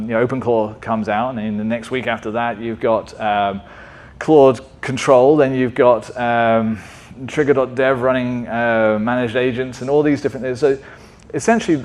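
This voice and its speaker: Male conference speaker, conversational presenter, often checks in with the audience, medium pitch. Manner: conversational, asks frequent "right?" checks. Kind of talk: tech meetup presentation.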